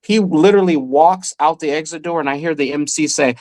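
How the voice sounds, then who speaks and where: Animated storytelling man, fairly high voice. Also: fairly quick. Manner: animated storyteller who acts out the people he quotes. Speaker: magician guest. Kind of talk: storytelling in a podcast interview.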